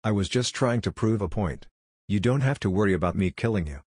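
Naruto, a calm, firm teen ninja, read by a man. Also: on the low side, fairly quick, slightly rough, no room sound, studio quality. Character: calm, blunt blind teenage boy ninja.

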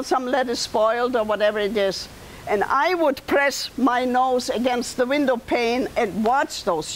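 A woman's voice: fairly high pitch, slight background noise, rough recording. A woman in her seventies with a German accent, telling her life story to an audience in a conversational way, turning to listeners with asides. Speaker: guest speaker and author.

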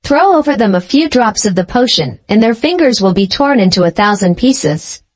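A woman voicing a cruel, scheming old female sea witch in a storybook reading, speaking coldly and deliberately. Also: a little high, expressive. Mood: cold, mocking.

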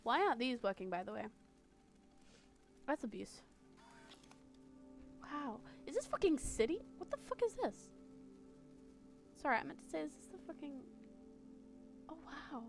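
A young woman giving live gameplay commentary as a streamer, excitable, swearing freely and exclaiming at what she sees. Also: high voice, a little slow, gravelly, long pauses. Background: game music.

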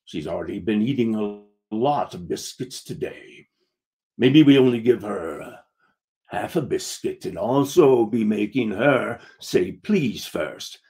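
A man voicing a gruff pirate who has gone soft, growling "ar" in a low, hushed pirate drawl. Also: animated, a little slow. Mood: fretful.

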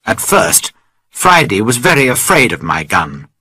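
A man slowly narrating a simple story for English learners, reading clearly and carefully. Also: on the low side, wildly swooping pitch, bright, forceful tone, no echo, low-quality recording.

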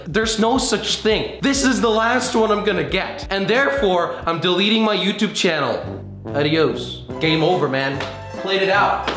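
A young man hosting an excited unboxing vlog, hyper, jokey and giggly. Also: high-pitched, reverberant. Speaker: YouTuber.

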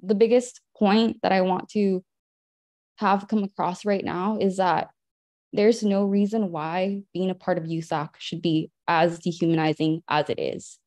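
Student council member, young woman, measured and earnest, warm low-ish tone. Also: steady tone, no room sound. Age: young adult. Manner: earnest, measured, many "um" pauses. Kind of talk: meeting remarks.

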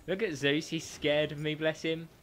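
Excitable sweary man gaming. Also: on the high side, normal speed, slight background noise. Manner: excitable, sweary, trash-talking. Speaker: gaming YouTuber. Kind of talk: gameplay commentary.

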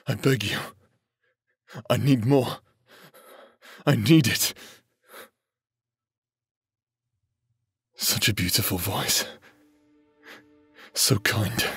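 A man voicing a tormented young man possessed by a sword, speaking in halting, broken-up bursts in an audio drama role-play with music behind. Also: mid-range voice, fairly bright tone, breathy edge, no echo, clean studio sound, exaggerated voice. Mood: pleading. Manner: haunted, halting, broken-up speech.

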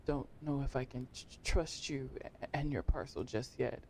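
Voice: medium pitch, fairly even intonation, moderate pace, creaky, slight background noise, natural voice. Gamer reading a nervous shut-in tenant. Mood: wary. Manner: hesitant, stumbling, quiet.

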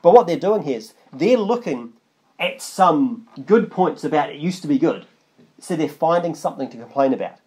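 Preacher guy talking through a bible passage, loose and rambly, kinda high but warm voice. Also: lively intonation, moderate pace. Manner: conversational, rambling, with restarts and asides. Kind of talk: Bible study sermon, reading scripture aloud.

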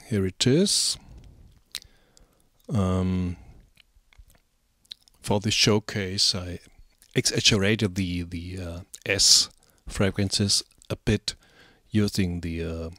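This is a man walking through music software in a screen-recorded tutorial, his fairly low voice slow and hesitant with plenty of ums and uhs. There's no echo; the sound is dry, close, and roomless.

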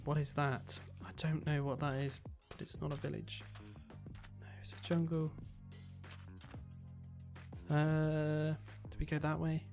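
Man, slightly high voice, running let's-play commentary, chatty and excitable, faint music behind. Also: unhurried, long pauses. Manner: chatty, thinking aloud, excitable bursts. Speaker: gaming video creator.

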